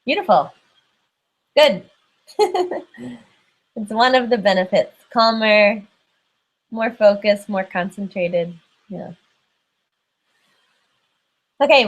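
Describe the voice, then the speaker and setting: A woman meditation teacher leading a group through breathing exercises in a calm, gentle, instructive way. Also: a little high, rough recording.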